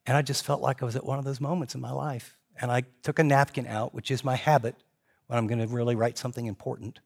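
An older man preaching a sermon in a conversational, animated way, jumping to high emphatic peaks and dropping to quiet asides. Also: quick pace, gravelly. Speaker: pastor.

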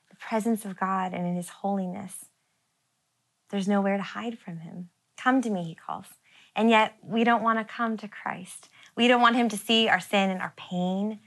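A woman in her thirties preaching a sermon, earnest and soft-spoken, sometimes dropping to a near whisper and laughing lightly between phrases. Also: medium pitch. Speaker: pastor.

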